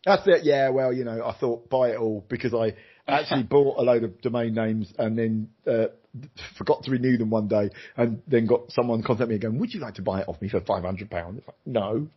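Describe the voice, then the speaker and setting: A man, a former radio DJ, telling stories in a lively, self-mocking way on a podcast. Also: mid-range voice, brisk, breathy edge. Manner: animated, jokey, self-mocking, acts out voices. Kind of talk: casual storytelling chat. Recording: dull lo-fi podcast audio.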